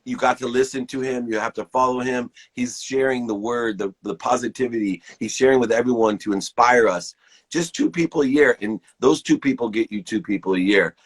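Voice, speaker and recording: A man's voice: mid-range voice, brisk, breathy edge. A man in his fifties giving an enthusiastic, preachy pep talk to viewers on a live stream, hosting it from his phone. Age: 50s.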